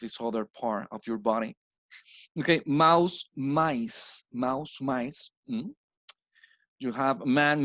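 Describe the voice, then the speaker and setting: A Colombian man whose first language is Spanish, teaching English plurals in a slow recorded slide lesson and repeating each word for drill. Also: medium pitch, a bit bright, dry recording. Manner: repeats words slowly with stressed drills.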